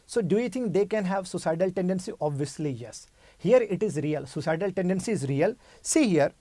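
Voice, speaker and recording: A man's voice: sits high, expressive, brisk, mellow, no echo. Man lecturing on psychiatry cases. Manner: explains by repeating key terms and asking rhetorical questions. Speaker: medical exam lecturer. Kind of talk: clinical lecture.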